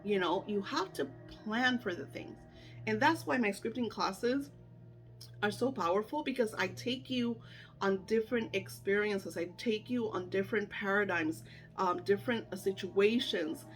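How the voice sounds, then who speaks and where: A middle-aged woman coaching on manifesting in an animated, chatty way, full of fillers and acted-out self-talk. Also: mid-range voice, normal speed, soft background music. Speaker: spiritual coach. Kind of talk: casual teaching chat.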